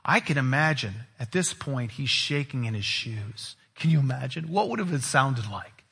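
A man preaching a sermon as a pastor, teaching from the Bible expressively and emphatically with dramatic pauses. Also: medium pitch, expressive, vocal fry, a bit bright, slightly rough.

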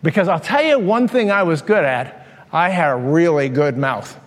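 An older male pastor in his sixties preaches with a high, lively voice, telling stories with plenty of animation. He laughs at his own tales and acts out the scenes. The voice rings with the long reverb of a large hall. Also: normal speed. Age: 60s. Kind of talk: sermon with personal storytelling.

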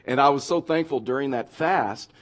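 A middle-aged man preaching as a pastor, lively and conversational, now and then acting out whiny complaining voices. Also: mid-range voice, normal speed. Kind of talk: sermon.

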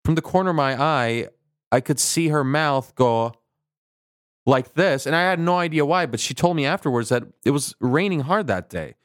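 A man's voice: fairly high pitch, lively intonation, moderate pace, no echo, clean studio sound. A man as a guest on a casual podcast, telling rambling anecdotes with lots of fillers.

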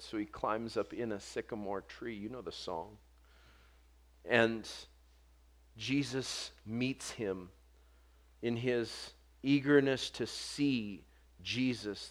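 A man preaching a sermon, earnest, building to forceful emphasis and dropping soft on quoted words. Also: on the low side. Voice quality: short stature mentioned, not vocal.

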